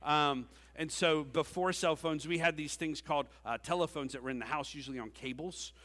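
A man's voice: fairly high pitch, a little fast, fairly bright tone, in a large hall. A middle-aged man, giving a joking, self-deprecating sermon-style talk to graduating seniors. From Georgia, USA. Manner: joking, self-deprecating, with frequent "okay?" asides. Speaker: teacher and speaker at a senior ceremony. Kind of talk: conversational sermon-style address.

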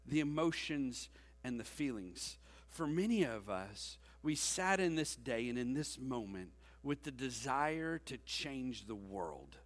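A man's voice: mid-range voice, fairly bright tone. A man in his forties, a youth pastor giving a conversational sermon with joking asides to the congregation. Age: 40s. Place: church sanctuary. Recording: long reverb of a church hall.

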